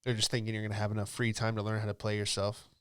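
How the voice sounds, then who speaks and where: A man's voice: on the low side, completely flat delivery, racing, a bit bright, clean tone, dry recording, studio quality. A young man, a comedian, riffing casually through a solo comedy monologue in a rambling, offhand way, with lots of fillers. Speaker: comedian and podcast host.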